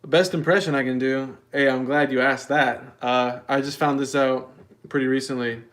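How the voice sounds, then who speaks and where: A man hosting a casual livestream, answering chat questions with deadpan, mock-earnest rambling. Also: mid-range voice, moderate pace. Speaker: livestream host.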